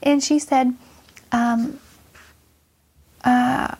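A woman's voice: sits high, steady tone, extremely slow, darkish tone, breathy edge. A woman nurse earnestly sharing a personal faith story in a casual chat, reflective and full of fillers.

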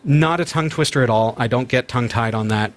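A man's voice: mid-range voice, quick pace. A man hosting a casual chat, talking in an upbeat, chatty way and often restarting his sentences as he demonstrates gadgets. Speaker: host demonstrating smart speakers.

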